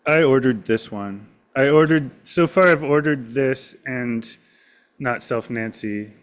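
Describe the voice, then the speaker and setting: A man's voice: mid-range voice, slow pace, clear, resonant tone. Jokey man telling rambling stories. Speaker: co-host. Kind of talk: casual chat.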